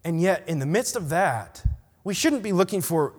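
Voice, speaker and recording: A young adult man preaching a sermon in an animated, emphatic way. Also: on the high side, normal speed, breathy edge. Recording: long reverb of a large hall.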